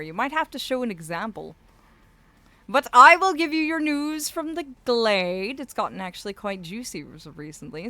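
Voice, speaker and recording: In character as a fey being, a woman with a bright, forward, mid-range voice hosts a casual live stream, laughing a lot and affectionately calling her viewers darlings. A swollen cheek slightly slurs her words, and the close, dry recording has no room sound.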